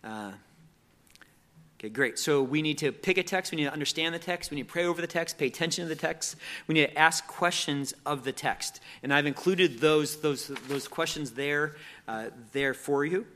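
A man teaches a church audience in a relaxed, conversational way, voice sitting a little high. He often repeats small words and restarts phrases as he thinks aloud. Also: moderate pace. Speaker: Bible teacher. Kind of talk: teaching talk on Bible meditation.

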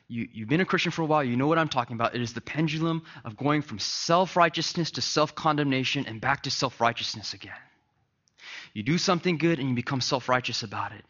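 A man preaching a sermon as pastor, dropping to a hush and then rising loud and animated. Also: medium pitch, dull audio. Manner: swings from hushed to loud and animated.

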